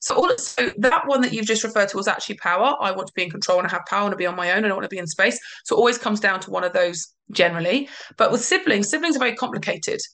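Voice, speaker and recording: A woman, a parenting coach giving advice in a podcast interview, explaining calmly with emphatic repeats. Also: medium pitch, racing.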